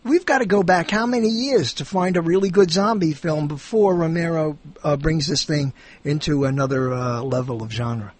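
A man hosting a casual film chat, animated and jokey. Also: fairly high pitch, normal speed. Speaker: podcast host.

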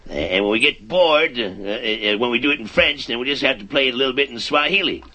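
A man's voice: mid-range voice, animated, fast talker, bright, forceful tone. A man rambling in a hesitant, mock-refined way in a comedy sketch.

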